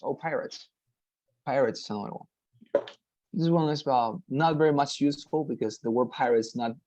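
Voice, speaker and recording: A man leads an online English lesson, patiently repeating each word and checking understanding. His voice sits at a mid pitch, and the recording is dry and close. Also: dark tone, dry recording, dull audio. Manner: patient, repetitive, models pronunciations slowly, frequent "right?" checks. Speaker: English teacher.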